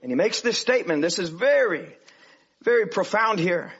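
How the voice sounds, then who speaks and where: Male preacher, high bright husky voice, animated sermon delivery, dull lo-fi recording. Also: moderate pace. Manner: animated preaching, swinging from hushed to loud.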